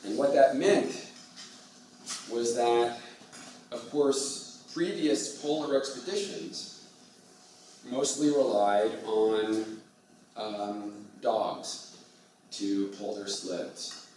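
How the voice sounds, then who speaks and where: A man giving a university lecture, speaking slowly and often mixing in halting Russian with many fillers. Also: mid-range voice, a little mellow, slight background noise. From United States. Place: lecture hall. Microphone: far from the mic. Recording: distant echoey lecture hall.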